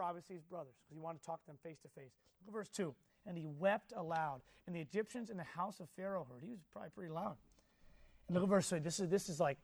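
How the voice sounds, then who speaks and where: A man preaching a sermon, telling a story with animated energy, questioning the audience and swinging between soft and loud. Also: sits high.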